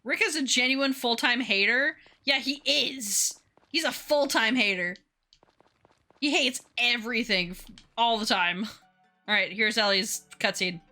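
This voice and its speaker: A woman streamer giving casual, excitable game commentary and swearing freely. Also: a little high, unhurried, faint music behind.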